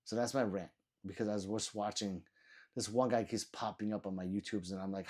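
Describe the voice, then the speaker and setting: A man's voice: fairly low pitch, fairly even intonation, brisk, darkish tone. A sleepy man live-streaming, ranting with lots of swearing and mocking, then reading chat messages aloud.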